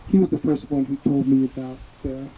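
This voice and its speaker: A man's voice: mid-range voice, little pitch movement, fairly quick, mellow, muffled recording, a little hiss or hum. A man from New York giving an informal funeral eulogy, hesitant and with fillers. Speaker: eulogy speaker, neighbor.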